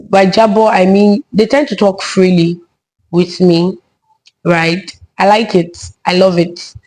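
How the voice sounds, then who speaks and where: A woman's voice: mid-range voice, flat delivery, slow pace, pauses often, darkish tone, poor audio. A young woman, talking in a casual vlog monologue and often checking in with "right?" tag questions. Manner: chatty, frequent tag questions. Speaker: vlogger and children's church teacher.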